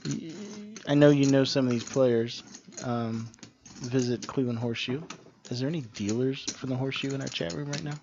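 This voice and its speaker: A man's voice: mid-range voice, steady tone, a little fast. A man co-commentating a poker stream, chatty and reading out viewer messages. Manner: chatty, reads chat messages aloud. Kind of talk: casual play-by-play commentary. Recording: muffled stream audio with noise.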